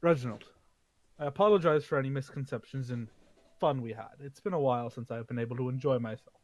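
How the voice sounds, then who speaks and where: A man's voice: medium pitch, fast talker, darkish tone, dry recording, pitched below the performer's own voice, close to an everyday voice. A man playing a smiling, sorrowful adventurer who keeps his word, speaking earnestly and apologetically.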